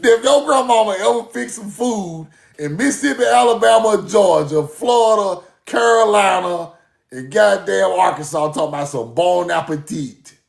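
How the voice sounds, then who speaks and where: A man's voice: high-pitched, moderate pace, vocal fry, roomy sound. A man, talking casually and mockingly in a profane rant to his audience. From US South. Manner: animated, laughing, mocking, profane.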